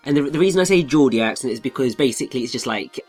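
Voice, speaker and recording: A man's voice: medium pitch, lively intonation, rapid-fire, a little mellow, faint music behind. A man chatting casually as a game co-commentator, explaining things at rambling length.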